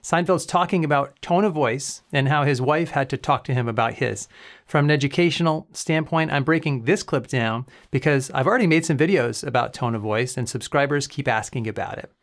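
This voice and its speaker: A man, a communication coach, giving calm, clear educational commentary on a comedy clip. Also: medium pitch, brisk.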